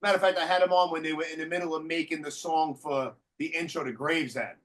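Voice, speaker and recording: High-voiced podcast host telling stories. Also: male voice, fast talker. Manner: animated storyteller, swears freely. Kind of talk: casual chat.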